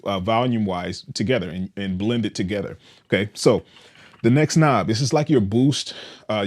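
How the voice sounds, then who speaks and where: A man casually demonstrating and explaining a bass guitar's controls, in a relaxed, explanatory way with frequent "all right" checks. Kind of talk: casual instructional demo.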